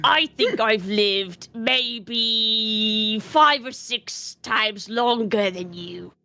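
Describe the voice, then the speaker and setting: A woman's voice: on the high side, very slow, sharp tone, faint music behind, voice pushed down, full character voice. A woman voicing an ancient, forgetful female gnome who was once a pirate, rambling in a mock-pirate way. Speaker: player.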